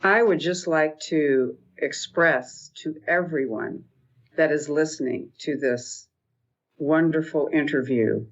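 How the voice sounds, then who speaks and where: Slow, deliberate woman guest. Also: deep voice, dull audio. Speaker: author guest.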